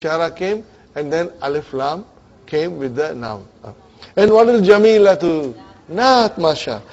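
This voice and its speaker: A man's voice: on the high side, animated, a little slow, a little mellow. A man teaching an Arabic grammar class, quizzing students and checking they follow. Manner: mixes English with Arabic grammar terms. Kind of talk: classroom lecture. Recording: dull lo-fi classroom recording.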